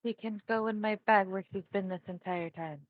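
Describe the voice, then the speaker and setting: A woman's voice: mid-range voice, steady tone, moderate pace, no echo, narrow, tinny audio. A woman speaking plainly as a player in a tabletop game. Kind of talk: tabletop role-play chat.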